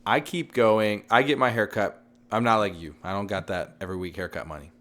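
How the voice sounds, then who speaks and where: Dad podcast co-host, very low voice, loud rambling chat, voice cutting out. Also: male voice, brisk. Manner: rambling, loud, says he is yelling and redlining. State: voice fading. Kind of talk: casual chat.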